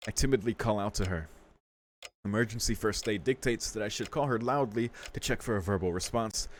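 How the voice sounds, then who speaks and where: A man's voice: fairly low pitch, fairly quick, slight background noise. A man hosting a let's play, reading a visual novel's text aloud and breaking off to react casually, now and then with a swear. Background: faint game music.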